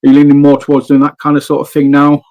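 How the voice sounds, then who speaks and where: A man's voice: fairly high pitch, completely flat delivery, fast, darkish tone. A man hosting a podcast interview, chatty and encouraging toward his guest. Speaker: podcast host.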